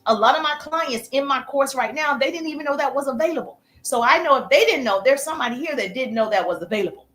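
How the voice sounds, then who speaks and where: A woman coaching viewers on a live stream, chatty and energetic, breaking off to thank viewers as she teaches. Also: high-pitched, fast, few pauses, slight background noise. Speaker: social media coach.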